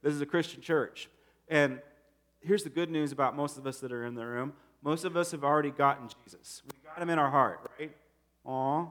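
A man in his thirties, a pastor, preaching a sermon in a conversational, animated way and acting out quotes. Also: fairly high pitch, brisk.

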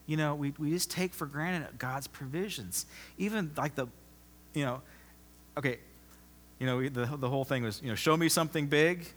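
A man preaching a sermon as pastor, emphatic, often repeating himself and swinging from loud to soft. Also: medium pitch, moderate pace, pauses often. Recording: long reverb of a large hall.

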